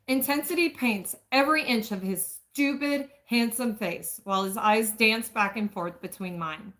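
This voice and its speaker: A woman live-streaming a dramatic reading of a romance novel, pausing for asides about her stumbles. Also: a little high, fairly bright tone.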